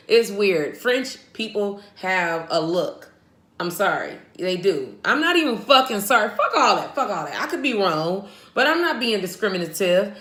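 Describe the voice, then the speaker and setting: An American woman vlogger giving blunt, profane, animated commentary to her viewers. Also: fairly low pitch. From United States. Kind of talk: ranting commentary. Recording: echoey room.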